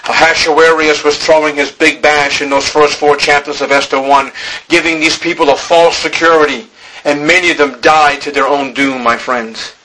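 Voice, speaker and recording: A man's voice: fairly high pitch, steady tone, normal speed, pushed and bright, rough recording. A man preaching a sermon to a church congregation, pleading with his listeners and building to emphatic exhortation.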